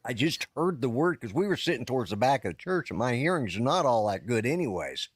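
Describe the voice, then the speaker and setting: A middle-aged or older man tells a long story in loose, casual talk on a podcast. He stops and restarts his sentences, and his voice sits at a middle pitch. The sound is dry and close, with no room echo. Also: big pitch swings, fairly quick. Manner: rambling, self-interrupting storyteller. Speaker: podcast co-host. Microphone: live-stream call setup.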